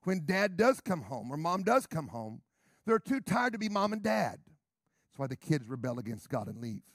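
A middle-aged American man, a pastor, preaching a brash, sarcastic sermon that swings from quiet asides to shouts. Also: on the high side, big pitch swings, moderate pace, slightly rough, no room sound, clean studio sound. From United States.

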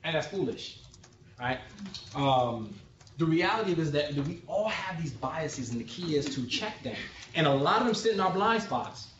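A man with a fairly high, very lively voice delivers a joking, conversational lecture, checking in with the audience now and then. He sounds distant and dull, as if picked up from across an echoey room. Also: moderate pace, a little hiss or hum. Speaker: sociologist giving a presentation.

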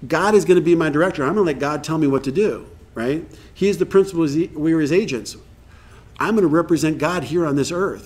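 A man's voice: a little high, a little mellow, husky. A man speaking at a recovery workshop, talking in a conversational way and reading passages aloud. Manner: conversational, reads passages aloud, acts out quotes. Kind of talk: informal recovery workshop talk. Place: live workshop event.

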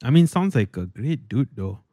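A man's voice: mid-range voice, sing-song, normal speed, mellow, no echo, clean studio sound. A man hosting a podcast, chatting casually with hesitant fillers. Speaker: podcast host.

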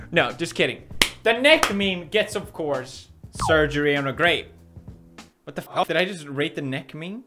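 A man hosting a comedic meme-rating show, goofy and animated, swinging from mumbling to shouting. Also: fairly high pitch, a little slow, over music. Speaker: YouTuber host.

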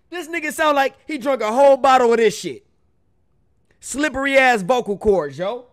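A man's voice: very high-pitched, lively intonation, moderate pace, fairly bright tone. A young man hosting a music reaction video, ranting casually in slang and swearing in exasperation. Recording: faint music behind the voice.

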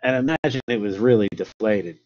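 A man's voice: lowish voice, brisk, a little mellow, muffled recording. An American man presenting a casual history lesson, rambling with many filler sounds and restarts.

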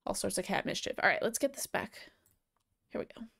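A woman's voice: mid-range voice, animated, fairly quick, creaky, a bit bright, slightly rough. A young adult woman streamer chatting casually and affectionately on a live stream, swearing now and then.

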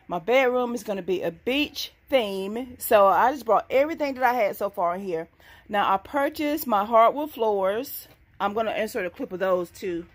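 A woman chatting excitedly to her viewers in a casual vlog, at times speaking from farther off the mic. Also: on the high side. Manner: excitable, addresses viewers as y'all. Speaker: couponing vlogger. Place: inside a store, then at home.

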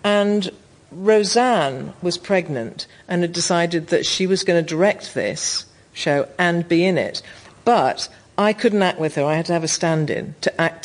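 A woman guest chats on a radio interview, spinning anecdotes and laughing as she goes. Her talk is casual and conversational, recorded in a studio. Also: low voice. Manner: chatty anecdotal storytelling, often laughing. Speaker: guest comedy writer and actress.

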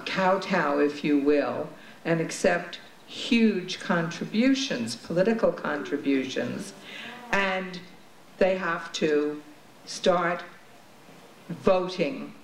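Man, public commenter, slow deliberate urging delivery, echoey chamber. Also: high voice. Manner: forceful, urging. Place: legislature chamber. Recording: echoey chamber with faint noise.

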